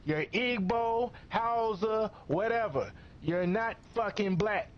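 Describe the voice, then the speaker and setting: High-voiced man ranting, muffled. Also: animated, takes it slowly, a little hiss or hum. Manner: profane, scolding, repetitive. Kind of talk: angry commentary rant. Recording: muffled lo-fi recording.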